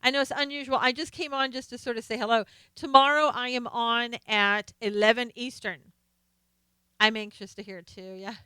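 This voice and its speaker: A middle-aged woman hosting a casual live stream, chatting with viewers and reading their comments, excitable, laughing and exclaiming often. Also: a little high, moderate pace, clear, resonant tone, dry recording.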